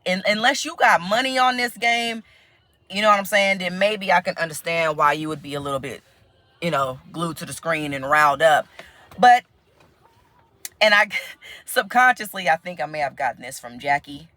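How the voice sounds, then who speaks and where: An American woman vlogging casually to the camera, chatty and quick to laugh, mimicking other people in animated voices when she quotes them. Her voice sits low and she speaks at a normal speed, with no echo in the recording.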